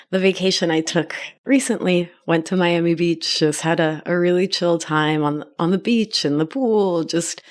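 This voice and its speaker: A woman from Argentina hosting her podcast alone, upbeat and self-teasing, laughing easily as she talks. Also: fairly low pitch. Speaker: podcast host and life coach. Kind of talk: solo podcast monologue.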